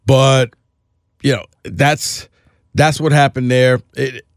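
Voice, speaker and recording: A man's voice: medium pitch, fairly even intonation, takes it slowly, clean tone, no echo, clean studio sound. A man co-hosting a sports podcast, talking in a casual, emphatic and opinionated way, often restarting his phrases.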